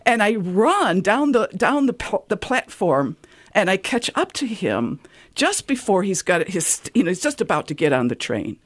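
A woman guest telling a personal story on a talk show, animated and quoting herself often. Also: mid-range voice, moderate pace, dry recording. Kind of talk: casual anecdote on talk radio.

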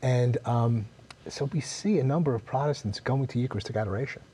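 A male talk show host who talks fast and rambles through his questions. His voice is mellow and dark with a husky edge. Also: medium pitch. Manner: conversational, asks rambling questions. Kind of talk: broadcast talk show hosting.

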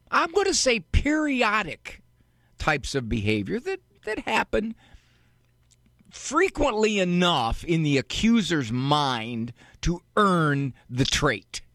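A man hosting a call-in advice radio show, teaching in a deliberate way and firing off rhetorical questions. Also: fairly high pitch, a bit bright, dry recording, clean studio sound.

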